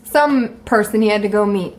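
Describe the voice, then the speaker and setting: A young woman vlogger telling a story in casual, profane talk, animated and full of "like". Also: mid-range voice, normal speed.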